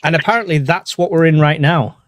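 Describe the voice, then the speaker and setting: A man's voice: on the high side, a little fast, no room sound, clean studio sound. A man from the UK hosting a live podcast stream in casual chat, joking and laughing often. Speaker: podcast host.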